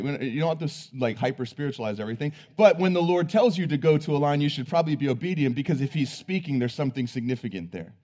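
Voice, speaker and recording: A man's voice: fairly high pitch, a little mellow. A man preaching, telling a personal story in an earnest, conversational way. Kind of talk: sermon storytelling.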